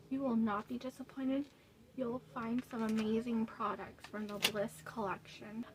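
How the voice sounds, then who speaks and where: A woman's voice: on the high side, a little hiss or hum, poor audio. A woman vlogger giving a chatty, enthusiastic skincare product review with a casual, talkative manner. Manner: chatty and enthusiastic, with fillers like "you know". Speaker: beauty vlogger.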